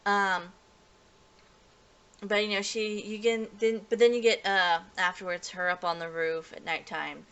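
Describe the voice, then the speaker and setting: A woman's voice: mid-range voice, steady tone, unhurried, fairly bright tone, clean tone. A woman giving a casual, rambling episode review, restarting sentences often and laughing lightly. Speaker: anime reviewer.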